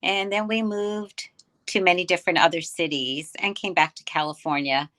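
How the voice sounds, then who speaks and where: Older new york lady guest, bright voice, quick chatty storytelling. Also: fairly low pitch, fairly even intonation. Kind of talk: casual interview chat.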